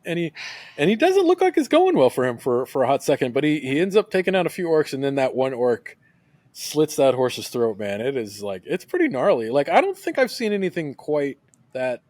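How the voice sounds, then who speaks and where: A man's voice: a little high, wildly swooping pitch, brisk, a little mellow, no echo. A man co-hosting a podcast, talking in an enthusiastic, rambling way and saying "like" a lot. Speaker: podcast co-host. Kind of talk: casual podcast chat.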